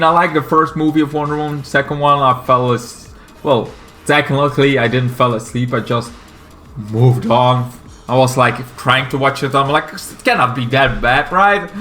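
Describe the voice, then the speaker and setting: A man from Belgium with a Flemish Dutch accent and Flemish Dutch as his first language. He gives casual, rambling commentary on comics, swearing freely and stumbling over fillers. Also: medium pitch. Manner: profane, excitable, halting with many fillers.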